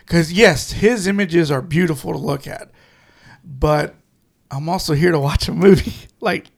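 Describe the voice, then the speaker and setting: A man's voice: on the high side, measured pace, creaky. A man co-hosting a podcast, chatting casually and bluntly, laughing often and swearing freely. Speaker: podcast co-host. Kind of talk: casual chat.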